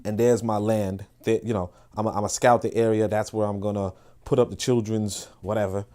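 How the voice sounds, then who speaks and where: A man hosting a podcast, talking in an animated, casual way with frequent restarts and asides to listeners. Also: on the low side, brisk. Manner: laughs and asks listeners for agreement. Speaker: podcast host. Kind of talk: casual monologue.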